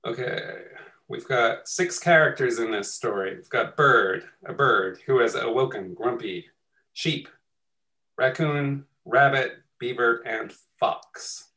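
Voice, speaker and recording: A middle-aged man from Canada leading a conversation over a video call, gentle and measured as he asks questions. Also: mid-range voice, rough recording. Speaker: co-author and moderator. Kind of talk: casual conversation.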